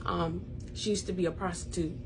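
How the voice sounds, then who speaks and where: A woman's voice: fairly low pitch, level tone, fairly quick, a little hiss or hum. A young woman reading a mock scholarship thank-you speech in an earnest tone, with many "um"s. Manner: earnest tone, filler "um"s. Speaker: daughter pranking her mother.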